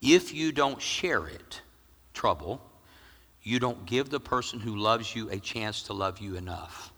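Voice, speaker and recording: A middle-aged male pastor preaching with jokes, swinging between loud emphasis and hushed near-whispers. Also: fairly low pitch, long reverb tail. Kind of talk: sermon.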